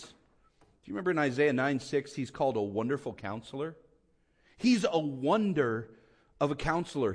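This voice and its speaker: A man preaching a sermon with impassioned swings between loud emphatic lines and quiet hushed ones. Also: medium pitch, animated, normal speed, long pauses. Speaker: pastor.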